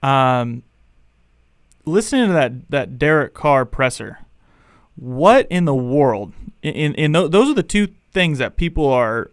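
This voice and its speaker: A young man hosts a live fan podcast, rambling through opinions and shouting out the chat. His voice has a gravelly edge yet stays smooth and resonant. The sound is dry and close. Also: medium pitch, dry recording. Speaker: podcast host.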